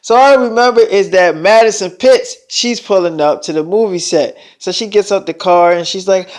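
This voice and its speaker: A man's voice: high voice, brisk, hardly any pauses. A young man telling a long story in a casual storytime vlog, emphatic and full of profanity. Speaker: vlogger.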